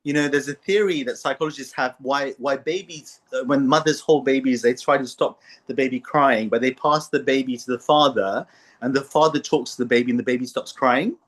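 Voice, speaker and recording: A man's voice: mid-range voice, a little fast, a bit bright. A man hosting a casual philosophical chat, talking in a playful way and putting on little voices when he tells stories. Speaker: podcast host.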